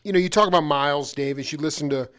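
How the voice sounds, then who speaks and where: A man hosting a casual interview, rambling with lots of fillers and excited interjections. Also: a little high, fast talker. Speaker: interview host.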